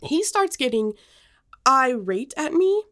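This young woman, a podcast co-host, takes it slowly in a high voice as she shares a personal story in casual chat. She tells it animatedly, with plenty of fillers and restarts.

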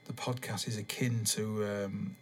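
A man hosting a podcast, rambling in a relaxed, meandering way with many pauses and ums. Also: lowish voice, a little hiss or hum. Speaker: podcast host. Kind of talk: casual rambling monologue.

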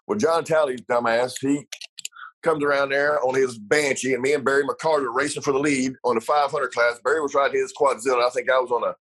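A middle-aged man with a drawl spins racing stories in a casual interview. His voice is husky and mid-pitched, and he rambles, cusses and laughs easily. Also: steady tone, brisk, fairly bright tone, rough recording. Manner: rambling, salty, laughs often, many fillers. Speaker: retired racer guest.

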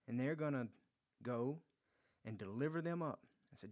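A Bible teacher with a mid-range, slightly mellow voice and lively intonation speaks at normal speed through a verse-by-verse study. He reads scripture aloud and then explains it casually, acting out quotes and often repeating words or restarting phrases.

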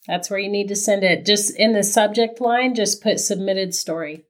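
A woman hosting a podcast in casual chat, relaxed and playful, laughing often. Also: medium pitch, moderate pace. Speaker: podcast host.

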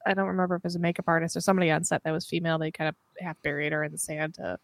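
A woman's voice: low-pitched, little pitch movement, very fast, no echo. A woman on a film podcast, making quips and sharing behind-the-scenes trivia. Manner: quippy, shares trivia. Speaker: podcast co-host. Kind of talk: casual film chat.

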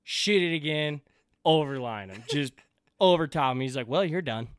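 A man hosting a podcast, chatting casually, telling stories with lots of swearing and acting out quotes in a higher voice. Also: normal speed, clear, resonant tone, no echo, clean studio sound. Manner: animated storyteller, swears freely, acts out quotes in a higher voice. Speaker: podcast host. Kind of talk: casual chat.

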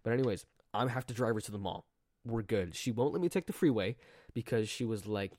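A teenage boy with a rough, strained throat, chatting casually on his own in a rambling, joking way, full of restarts and self-corrections. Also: on the low side, fairly quick, darkish tone, no echo, studio quality. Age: teens. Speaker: podcast diarist. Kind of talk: casual solo vlog chat.

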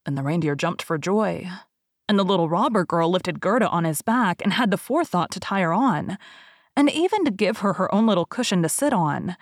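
A woman podcast host reading a fairy tale aloud in a calm, even narration. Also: on the low side, brisk, no echo, clean studio sound. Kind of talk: storybook reading.

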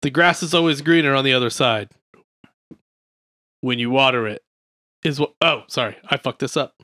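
A man co-hosting a casual comedy podcast, reading comedians' jokes aloud in a deadpan way between crude banter. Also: medium pitch, moderate pace, dry recording. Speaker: podcast co-host.

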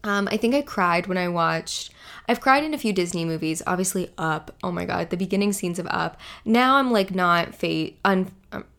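A woman's voice: fairly low pitch, expressive, normal speed, gravelly, fairly bright tone. A young woman in her twenties hosting a solo podcast, rambling casually with lots of filler words. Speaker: podcast host. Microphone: podcast microphone.

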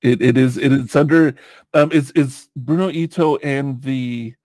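A man's voice: mid-range voice, unhurried, a little mellow, dry recording. A man hosting a podcast, chatting casually in a rambling way, with lots of fillers and easy laughs. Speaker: podcast host.

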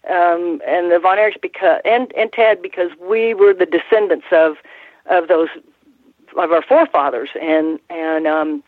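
Older woman, interview guest, halting, lots of restarts, tinny phone line, dry sound. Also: on the low side, no room sound. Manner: halting, many restarts and fillers. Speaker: former ring announcer, guest. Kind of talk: casual interview storytelling.

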